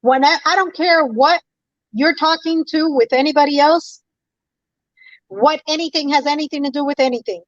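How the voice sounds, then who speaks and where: Emphatic high-voiced woman caller. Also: moderate pace, dry recording. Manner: preachy, emphatic, repeats phrases for effect. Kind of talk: impassioned call-in talk. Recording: dull lo-fi phone line.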